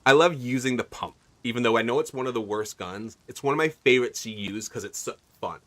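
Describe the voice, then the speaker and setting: Fairly quick and fairly bright in tone, a mid-range male voice provides casual, rambling commentary on a game he's streaming. He keeps checking in with viewers by asking them questions.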